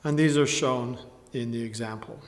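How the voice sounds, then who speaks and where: A man giving a measured, precise lecture tutorial, pausing with fillers and clearing his throat now and then. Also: mid-range voice, long reverb tail. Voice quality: measured, precise explanatory delivery. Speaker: music instructor. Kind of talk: lecture tutorial with sung examples.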